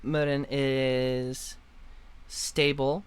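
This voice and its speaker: A man acting as game master of a tabletop role-playing session, relaxed and accommodating as he calls for checks. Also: mid-range voice, drawn-out words, clear, resonant tone.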